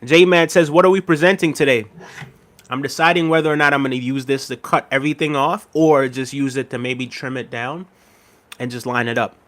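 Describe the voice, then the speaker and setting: A man's voice: medium pitch, fairly even intonation, fairly quick, fairly bright tone. A man hosting a casual livestream, reading viewer comments aloud and chuckling often as he answers them. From United States. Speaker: livestream host.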